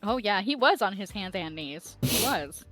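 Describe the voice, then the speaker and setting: A woman chatting casually on a live stream, telling an animated story and laughing often. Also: medium pitch, normal speed, soft background music. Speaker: player. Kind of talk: casual chat.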